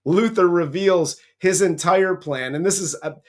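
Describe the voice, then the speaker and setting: A man's voice: high voice, a little slow. A man co-hosting a movie review, retelling the plot in a casual, profane, joking way. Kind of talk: casual comedic film recap.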